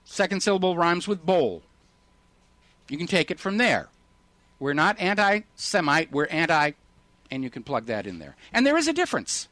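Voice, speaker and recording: Male talk radio host, fairly high voice, dry close sound, sarcastic and indignant. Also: bright, forceful tone, no room sound. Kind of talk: political talk radio commentary.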